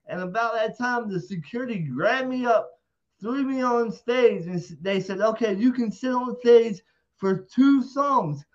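An interview guest with a very high-pitched voice tells a story casually and unhurriedly, swearing freely. He's animated, acting out what people said, and the audio is dull and lo-fi.

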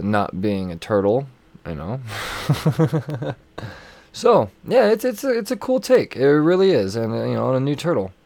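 A man's voice: medium pitch, a little mellow, no echo. A man hosting a casual comic book review show, late at night and wired on coffee, rambling and swearing freely. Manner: rambling, profane, chuckling. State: over-caffeinated late at night. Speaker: comic book podcast host.

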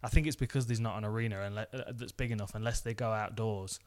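A man's voice: lowish voice, steady tone, fast talker, darkish tone. A man co-hosting a podcast, easygoing and agreeable in casual chat. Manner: easygoing, agreeable, laughs along. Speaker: podcast co-host.

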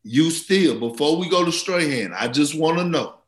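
A man's voice: a little high, animated, moderate pace, echoey room. A man co-hosting a podcast, chatting about sports in a playful, repetitive, slangy way. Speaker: podcast co-host. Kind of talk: casual sports talk.

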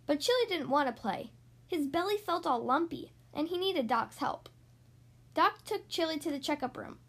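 A woman hosting a podcast, reading a picture book aloud to young kids in a gentle, friendly way. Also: sits high, lively intonation, normal speed. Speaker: children's book reader, podcast host.

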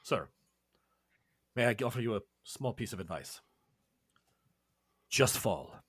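A man voicing a male henchman who gives quiet, ominous warnings. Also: lively intonation, takes it slowly, breathy edge, no echo, clean studio sound, exaggerated voice. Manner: low, hushed, ominous.

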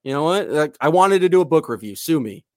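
A man co-hosting a podcast in loose, casual chat, rambling along as the self-styled goofball of the pair. His voice sits a bit high for a man. The sound is dry and close, with no room in it. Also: expressive, fast, darkish tone, no room sound. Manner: self-described eccentric goofball, rambling and enthusiastic. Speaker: podcast co-host.

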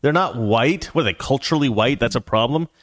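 A man's voice: medium pitch, brisk, no echo, studio quality. A man hosting a casual livestream commentary show, talking in a sarcastic, ranting way. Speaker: host.

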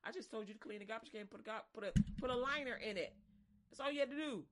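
A woman playing a no-nonsense mother setting her son straight, firm but not yelling. Her voice sits a little softer and lower than her preaching voice, steady and plain. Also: quick pace, close to an everyday voice. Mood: stern. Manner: stern, matter-of-fact scolding.

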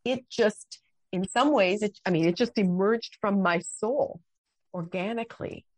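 A woman's voice: medium pitch, unhurried, darkish tone, dry recording. A middle-aged woman talking as a podcast guest, earnest and heartfelt, often restarting her sentences. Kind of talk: conversational interview.

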